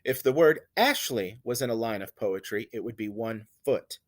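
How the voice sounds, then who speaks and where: A man's voice: on the low side, animated, moderate pace. A man teaching a lesson on poetry, explaining stress and rhythm patiently and repeating examples with exaggerated emphasis. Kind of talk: recorded lecture on poetry.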